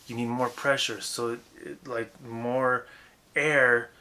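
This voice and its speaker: A young man giving a casual, profane, rambling lesson on vocal technique, breaking into loud demonstrations. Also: medium pitch, flat delivery, takes it slowly. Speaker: vocal coach.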